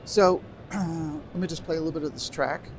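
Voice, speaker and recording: A middle-aged man speaks through a stage microphone while presenting a live workshop on a convention stage before an audience, chatting casually and directing the sound crew. His voice is on the high side, creaky and darkish in tone, with fairly even intonation and a moderate pace. Room noise fills the noisy live recording.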